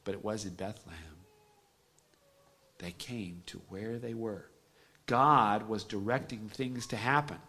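Bright-voiced male preacher. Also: on the low side, a little slow, long pauses, breathy edge. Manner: swings from hushed near-whisper to loud emphatic preaching. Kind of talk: sermon.

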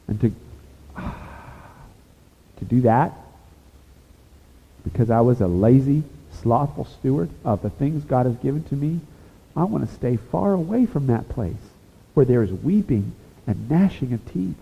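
A pastor preaching a sermon, earnest, rising to emphatic points and dropping to a hushed, confessional tone. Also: male voice, mid-range voice, lively intonation, unhurried, vocal fry, long pauses, breathy edge. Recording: echoey hall over a tinny phone-like line.

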